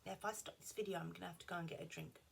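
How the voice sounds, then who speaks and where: A middle-aged woman chatting casually at her craft table at home, rambling and drifting into soft asides, a little unwell. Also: on the low side, fairly even intonation, rapid-fire, gravelly, background noise. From Australia. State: slightly unwell. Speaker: craft vlogger. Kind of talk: casual show-and-tell chat.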